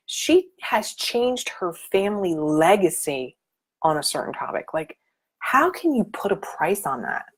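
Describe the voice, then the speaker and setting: A middle-aged woman with a slightly low voice coaches her viewers on a casual live stream. She talks in an animated, motivational way, leaning hard on key points. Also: unhurried, slightly rough. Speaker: life coach.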